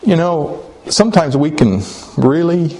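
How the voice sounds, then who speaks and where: Slow, folksy man preaching. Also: a little high, lively intonation, darkish tone, low-quality recording. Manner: folksy and conversational, with hesitant fillers. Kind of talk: sermon storytelling.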